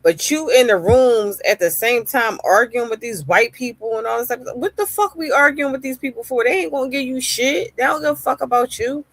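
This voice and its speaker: A woman's voice: a little high, a little fast, few pauses, no echo. A woman streamer ranting heatedly in live-stream reaction commentary, swearing often and repeating phrases for emphasis.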